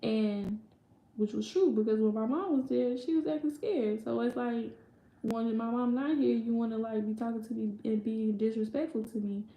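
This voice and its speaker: Gravelly young woman telling a story. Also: on the high side, steady tone, normal speed, muffled recording. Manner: rambling, filler-heavy retelling with quoted voices. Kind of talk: casual storytime. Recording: echoey room.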